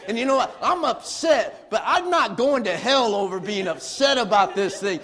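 Animated high-voiced pastor telling a story. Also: male voice, normal speed, hardly any pauses. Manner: animated, laughing storyteller acting out quotes. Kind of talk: sermon storytelling.

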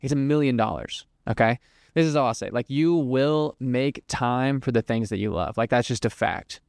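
A man's voice: medium pitch, moderate pace, gravelly, darkish tone, no echo. Young male podcast host, casual preachy talk, filler-heavy, clean dry close mic. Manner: conversational, filler-heavy, lots of "like", acts out hypothetical quotes. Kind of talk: casual Christian teaching monologue.

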